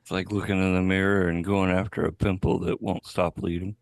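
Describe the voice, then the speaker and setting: Low gravelly co-host dude, dry jokes, dead dry mic sound. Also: male voice, little pitch movement, brisk, no room sound. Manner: dry quips and jokey asides. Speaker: podcast co-host. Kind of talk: casual chat.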